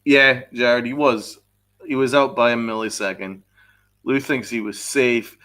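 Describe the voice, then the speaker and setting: On a live sports podcast, a male host vents in anger with heavy profanity, reading chat messages aloud and reacting to them. His mid-range voice is bright and forceful, with fairly even intonation and a slightly slow pace.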